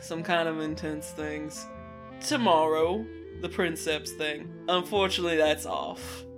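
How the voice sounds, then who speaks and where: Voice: mid-range voice, a little slow, over music, lightly acted. A player voicing a worldly, easygoing male adventurer, rambling casually and sheepishly in character during a tabletop game. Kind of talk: in-character tabletop role-play.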